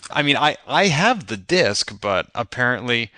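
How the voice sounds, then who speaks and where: A man's voice: medium pitch, sing-song, a little slow, sharp tone. A man hosting a casual podcast chat, asking wry questions and laughing easily.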